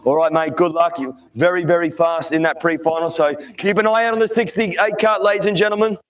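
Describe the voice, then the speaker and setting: A man's voice: a little high, steady tone, brisk. A man interviewing young drivers on the grid at a night kart race, upbeat and chummy. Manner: upbeat, chummy, calls everyone mate. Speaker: grid announcer.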